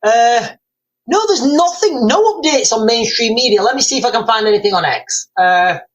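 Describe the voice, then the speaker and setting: A man's voice: high-pitched, lively intonation, a little fast, a bit bright, low-quality recording. A man hosting a livestream, talking urgently and rambling, with a habit of addressing viewers as "guys.". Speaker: livestream host. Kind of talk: livestream commentary.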